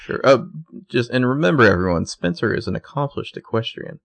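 A man co-hosting a podcast, recapping a TV episode in casual chat with dry, opinionated remarks and quick put-on lines for the characters. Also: medium pitch, big pitch swings, vocal fry, no echo. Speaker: podcast co-host.

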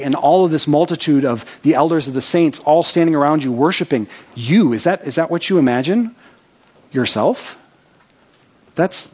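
A man's voice: on the high side, darkish tone. A man preaching a sermon as pastor, talking conversationally, reading scripture aloud with his own asides and checking in with "right?".

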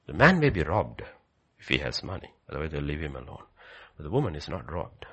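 A male preacher delivering a sermon with a husky voice. His pitch is very lively, jumping high for emphasis and then falling to quiet, almost whispered passages. He keeps moving between loud declarations and hushed storytelling. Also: fairly quick.

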